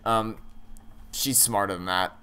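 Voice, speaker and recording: A man's voice: fairly low pitch, fairly even intonation, slow, sharp tone, clean tone. Stammering man thinking aloud over a game. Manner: casual swearing. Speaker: let's play gamer. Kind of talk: casual game commentary.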